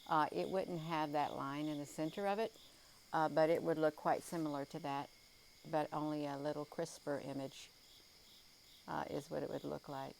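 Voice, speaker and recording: Woman, low voice, tired and yawning, rambling chat full of ums, outdoors at night, faint noise. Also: steady tone, moderate pace, vocal fry, a little mellow, low-quality recording. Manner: folksy, addresses viewers as "you all". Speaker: livestream host. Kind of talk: casual live sky-watching chat.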